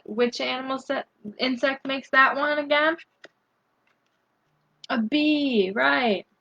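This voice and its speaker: A woman reads a children's picture book at a slow, unhurried pace, her voice sitting a little high. She pauses to ask the young listeners questions as she goes. The recording sounds a bit dull and lo-fi. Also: a bit bright. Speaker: storybook reader. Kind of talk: bedtime story reading to children.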